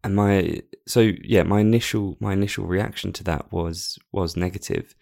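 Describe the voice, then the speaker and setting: A man's voice: low-pitched, fairly even intonation, normal speed, vocal fry, darkish tone. A man co-hosting a podcast, talking casually and hesitantly with lots of fillers. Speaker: podcast co-host. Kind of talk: casual chat.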